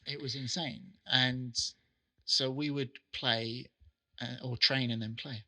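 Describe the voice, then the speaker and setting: A middle-aged man, a soccer trainer and interview guest, telling animated stories and acting out what people said. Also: mid-range voice, slow pace. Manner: animated anecdotes, acts out quotes. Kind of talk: casual interview storytelling.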